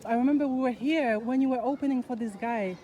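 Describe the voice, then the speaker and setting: A woman's voice: on the high side, fast talker, dark tone, highs cut off, a little hiss or hum. A middle-aged woman hosting a casual vlog, chatting effusively and repeating herself while out in a city. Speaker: vlogger host. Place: outdoors in a city.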